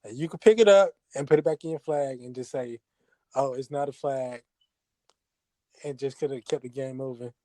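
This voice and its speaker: A man's voice: mid-range voice, lively intonation, fast, hardly any pauses, mellow, no room sound. A man co-hosting a casual sports talk show, talking in a hesitant way with many restarts. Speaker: podcast co-host.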